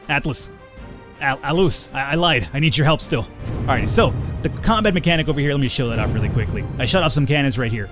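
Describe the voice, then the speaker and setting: A man narrating his own gameplay with a lively, bouncing pitch that shoots up when things go wrong. He swears casually, laughs a lot, and slurs a little, as if he's had a drink. Faint background music plays beneath his voice. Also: fast talker. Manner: excitable, profane, jokey, laughs often. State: tipsy, slurring a little. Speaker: gaming channel host. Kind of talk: let's play commentary.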